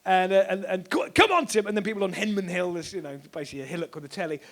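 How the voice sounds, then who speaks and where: A man performing a sweary, animated stand-up comedy set on a club stage, now and then bursting into shouts. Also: high voice, racing. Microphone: stage microphone.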